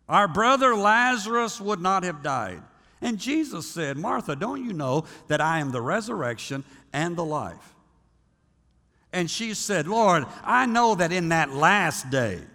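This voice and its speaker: A man preaching a sermon, animated, slowing down for emphasis and acting out the voices he quotes. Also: fairly high pitch. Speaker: pastor. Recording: long hall reverb.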